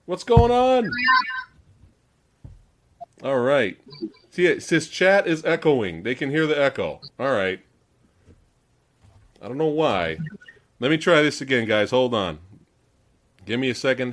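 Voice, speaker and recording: A man in his forties hosting a casual livestream, talking to chat and laughing often, on a headset mic. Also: on the high side. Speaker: host. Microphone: headphones or earbuds mic.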